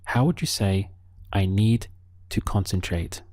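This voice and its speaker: A man giving a spoken language lesson, calm and patient, modelling each word slowly so the listener can repeat it. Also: fairly low pitch, dry recording. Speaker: language teacher. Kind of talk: slow, deliberate spoken lesson.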